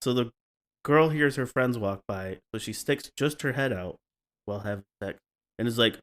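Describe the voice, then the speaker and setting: A man's voice: mid-range voice, moderate pace, a bit bright. A man hosting a podcast, retelling stories in a casual, wry way and slipping into playful mock voices. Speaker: podcast host.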